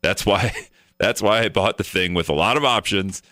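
A man's voice: on the low side, moderate pace, no echo, clean studio sound. A man hosting a talk radio show, ranting in a casual way and acting out his phone calls in a raised voice. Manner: animated storyteller, mimics phone calls in a raised voice.

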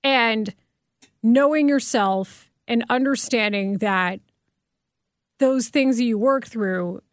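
A woman's voice: on the high side, slow, no echo, clean studio sound. A woman broadcaster as a podcast guest, speaking in a frank, reassuring and supportive way. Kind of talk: candid podcast conversation.

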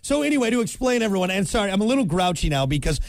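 A man's voice: high-pitched, big pitch swings, rapid-fire, no room sound. A man hosting a morning radio show, joking and grumbling in casual banter with his co-host. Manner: joking, grumbles about audio.

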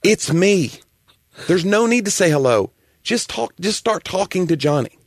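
A man with a light Southern US accent talks in a casual podcast, his pitch leaping about as he rants with playful exasperation. The recording is close and dry, with no room sound. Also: normal speed, no echo. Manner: animated, ranting, builds to exasperated. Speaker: comedian and podcast host. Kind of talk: casual chat.

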